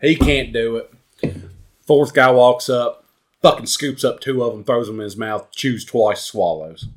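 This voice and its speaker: A man telling a wild story in casual chat, profane and animated, jumping into high voices when quoting people. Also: measured pace.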